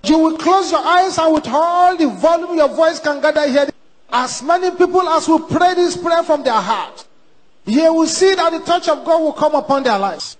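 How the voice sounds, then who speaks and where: A man as a pastor leading a loud prayer sermon in a church service, shouting commands and speaking in tongues. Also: extremely high pitch, animated, moderate pace.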